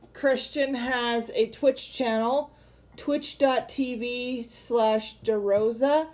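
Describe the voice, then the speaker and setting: A woman co-hosting a podcast in casual chat, hesitant and filling pauses with "um". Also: on the high side, darkish tone. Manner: slow, hesitant, many ums. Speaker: podcast co-host.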